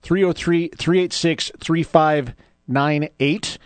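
A man's voice: on the high side, steady tone, takes it slowly, clean tone, no room sound. A man co-hosting a radio show, joking with his co-host and laughing often. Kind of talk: casual radio chat.

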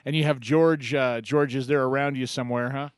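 A man's voice: medium pitch, steady tone, a little fast, clear, resonant tone, no room sound, clean studio sound, faint music behind. A man hosting a call-in radio show, upbeat and laughing easily as he chats with callers. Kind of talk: casual radio chat. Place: Denver.

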